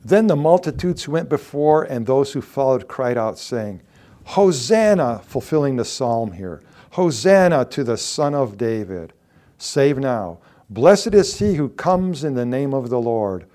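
A man preaching a sermon with a lively, swinging delivery. He climbs to loud exclamations and then sinks into hushed, almost whispered asides. His voice sits at a middle pitch. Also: measured pace. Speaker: pastor.

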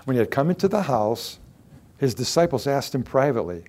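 Brisk and sing-song, a mid-range male voice delivers a pastor's sermon. He is earnest and emphatic, shifting from soft asides to loud declarations and often repeating words for stress.

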